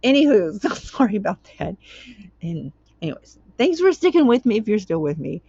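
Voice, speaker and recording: A woman's voice: mid-range voice, sing-song, a little fast, warm tone, breathy edge, no room sound, muffled recording. A woman hosting her own channel, reading a court document aloud and commenting on it in a chatty way, tripping over words and wandering into tangents.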